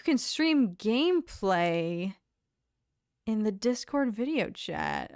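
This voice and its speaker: A woman's voice: on the high side, big pitch swings, slow pace, darkish tone, no room sound, studio quality. A young woman hosting a casual livestream, chatting in a bubbly way as she reads comments, laughing often and humming to herself between thoughts. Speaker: livestream host. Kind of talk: casual chat reading live comments.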